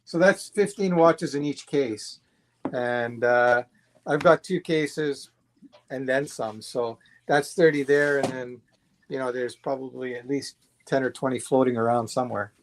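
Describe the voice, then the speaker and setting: A man's voice: medium pitch, unhurried, slight background noise. A man chatting as a guest on a livestream, blunt and rambling, swearing freely. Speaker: guest watch collector. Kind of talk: casual livestream chat.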